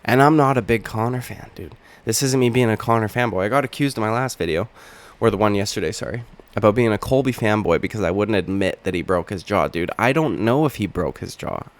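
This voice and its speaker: A young man hosting a casual reaction vlog, hoarse from just waking up, with a rambling, profane, wisecracking way of talking. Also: fairly low pitch, brisk. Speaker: channel host.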